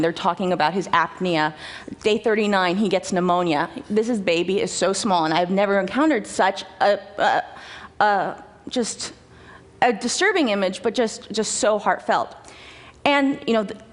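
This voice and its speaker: Chatty, animated young woman on stage. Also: mid-range voice. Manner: chatty, self-mocking, animated with frequent restarts. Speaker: conference speaker. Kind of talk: personal talk to a conference audience. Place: large auditorium stage. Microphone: stage microphone.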